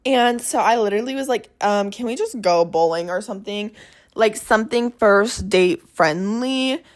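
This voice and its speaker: Young woman, podcast host, chatty storytelling, dramatic asides. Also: medium pitch. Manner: chatty, dramatic, quick shifts into quoted voices. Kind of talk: casual storytelling monologue.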